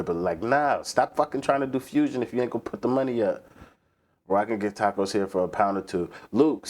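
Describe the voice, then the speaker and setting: A man from the East Coast US with a fairly low voice hosts a relaxed live stream. He talks casually and profanely, riffing on topics and answering his chat as he goes. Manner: profane, animated, rants and reads chat aloud. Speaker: livestream host.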